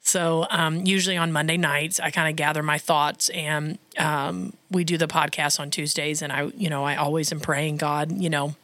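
Young woman podcast host, rambling and giggly, lowish voice, bright edge. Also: steady tone, moderate pace, hardly any pauses, no echo. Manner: chatty, laughs often, rambling asides. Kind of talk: casual faith podcast chat.

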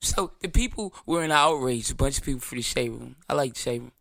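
A man's voice: medium pitch, expressive, fast, gravelly, sharp tone, no room sound. A man with a New York accent hosting his own show, delivering a brash, profane, defiant rant and mocking his critics in whiny voices. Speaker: show host. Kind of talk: ranting monologue.

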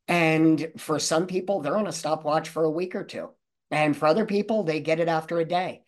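A man's voice: a little high, normal speed. Confident male sales trainer. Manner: confident, emphatic, coaching. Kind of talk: interview answers.

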